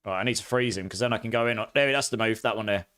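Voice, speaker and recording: A man from near London with an Essex accent touched with posh, chatting through live gameplay and quick to laugh. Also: on the low side, pushed and bright, clean tone. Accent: Essex mixed with a bit of posh English. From near London, England. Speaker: streamer.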